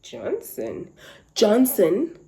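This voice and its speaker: A woman acting out an angry woman shouting and scolding through a door. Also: medium pitch, fairly quick, voice pushed up, natural voice. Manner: aggressive, scolding.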